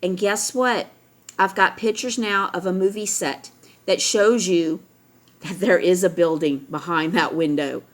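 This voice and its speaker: In a lowish, steady voice at a measured pace, a woman vlogger rants to camera, lecturing her viewers emphatically. She keeps repeating her points to press them home.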